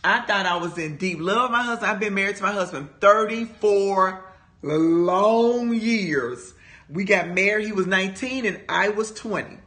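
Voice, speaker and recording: Animated bright-voiced woman in her fifties. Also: medium pitch, normal speed. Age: 50s. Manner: animated, emphatic storytelling, addressing listeners as "y'all". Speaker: Bible study teacher. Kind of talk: personal testimony in a Bible study talk.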